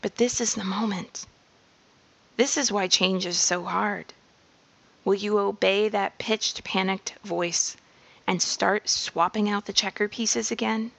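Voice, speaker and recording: A woman giving a slow, measured reflective monologue on personal growth. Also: mid-range voice, fairly even intonation, gravelly, a bit bright. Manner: slow, measured, drops into whispers.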